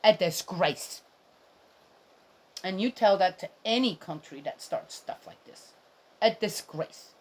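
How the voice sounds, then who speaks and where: A woman's voice: mid-range voice, lively intonation, a little slow. A middle-aged woman giving casual, indignant commentary on a Bible reading, rambling and speaking straight to her viewers.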